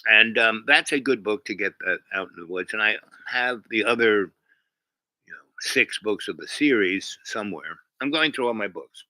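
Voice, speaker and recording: Bright-voiced man telling a rambling story. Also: on the low side, expressive, dry recording, poor audio. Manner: halting, many fillers and restarts. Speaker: channel host.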